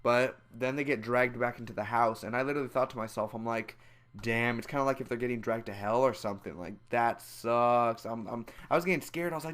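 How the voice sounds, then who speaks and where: Young man, casual movie review rant, loud, excitable, slangy, acts out scenes with high squeals. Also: quick pace.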